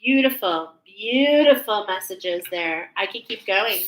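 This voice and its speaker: A woman's voice: lowish voice, unhurried, hardly any pauses, noisy background. A woman giving a live spiritual card reading, gushing and emotional as she describes the images she sees. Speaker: intuitive card reader. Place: live stream at home.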